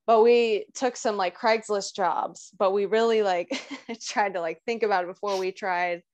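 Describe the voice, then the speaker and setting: A young adult woman guest telling a story in a casual, animated way, full of fillers and acted-out quotes. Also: mid-range voice, unhurried. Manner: animated, lots of "like" and laughs, acts out quotes. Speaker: guest musician.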